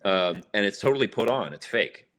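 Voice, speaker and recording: A man hosting a casual interview over a video call, talking in a halting, thoughtful way with plenty of fillers. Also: fairly low pitch, animated, fairly bright tone. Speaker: show host.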